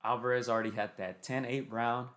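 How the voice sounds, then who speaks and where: A man's voice: medium pitch, fairly even intonation, fairly quick, a bit bright. A man co-hosting a casual boxing podcast, recounting a fight blow by blow and checking in with "right?". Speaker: podcast co-host.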